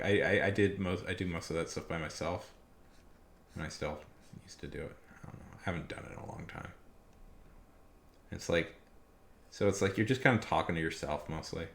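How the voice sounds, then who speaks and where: A young man streaming live, chatting casually and rambling with many fillers, getting loud when he rants. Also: sits low, sing-song, brisk, long pauses.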